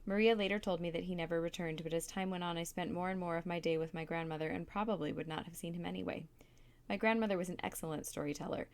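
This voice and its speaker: A woman reading a chapter of a novel aloud in a calm, steady narrating voice. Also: fairly low pitch, quick pace, a little hiss or hum. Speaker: reader.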